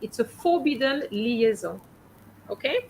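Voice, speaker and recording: A woman teaching French, patiently correcting students' pronunciation and often checking with a quick "okay?". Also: on the high side, lively intonation, a little mellow, a little hiss or hum, rough recording. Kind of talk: coaching students on reading aloud.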